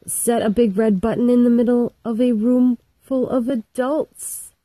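A woman's voice: a little high, fairly even intonation, unhurried, warm tone, no room sound, low-quality recording. A middle-aged woman telling a story in a casual, irreverent and profane comic monologue.

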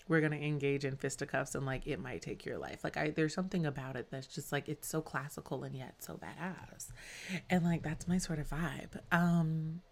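A woman hosting a podcast, talking candidly and casually about her friends, with fillers and some swearing. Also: deep voice. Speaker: podcast host. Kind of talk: scripted podcast narration.

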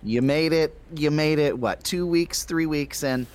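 A man's voice: on the high side, unhurried, darkish tone. A man co-hosting a gaming podcast, chatting casually with dry, sarcastic replies. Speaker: podcast co-host. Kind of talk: casual chat.

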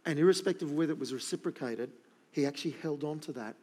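A man's voice: fairly high pitch, fast talker, warm tone, husky. A middle-aged man preaching a sermon, emphatic and repeating his key points. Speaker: pastor.

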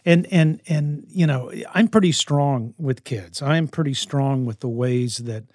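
A man's voice: medium pitch, a little slow, a little mellow, no room sound, studio quality. A man who lives with and mentors teenagers gives earnest advice to parents, often repeating himself for emphasis. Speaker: houseparent to high school kids.

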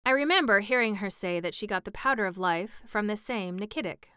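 A woman's voice: medium pitch, animated, fairly quick, bright, forceful tone, clean tone, dry recording, studio quality. A woman reading the part of an earnest young boy adventurer in an audiobook, in a plain, slightly raised voice.

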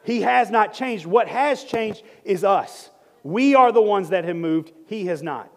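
A man preaches in a church with a high, bright-pitched voice, moving between soft prayer and playful teasing of his congregation. His words ring out with a long reverb from the hall around him. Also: a little slow. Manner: lively, joking preacher who prays and teaches. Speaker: pastor. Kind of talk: sermon. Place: church sanctuary.

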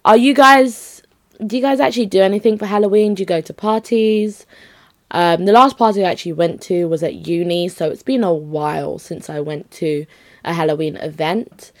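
A woman's voice: fairly low pitch, normal speed. Chatty young woman rambling casually. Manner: chatty, rambling, self-interrupting. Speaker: vlogger. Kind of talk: casual chat to viewers.

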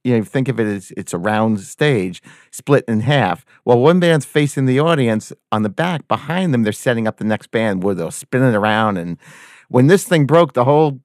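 A man's voice: mid-range voice, moderate pace, no echo, studio quality. A man, a band member, telling a story in casual chat and acting out the people in it. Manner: animated anecdote-telling, acts out quoted voices. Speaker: guest musician.

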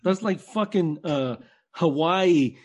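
A man with a fairly high voice trades crude jokes and swears through casual podcast banter. He mocks and teases as he retells stories. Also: takes it slowly, breathy edge. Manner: profane, mocking, storytelling. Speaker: podcast co-host. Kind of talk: casual chat.

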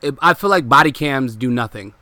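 A man's voice: mid-range voice, lively intonation, brisk, bright, forceful tone, no room sound. A man co-hosting a podcast in laid-back casual chat, often hesitating with fillers. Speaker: podcast co-host.

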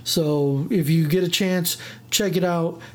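Casual vlogger with a mid-range voice, animated and dramatic, full of fillers. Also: mid-range voice, takes it slowly. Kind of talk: casual storytelling rant.

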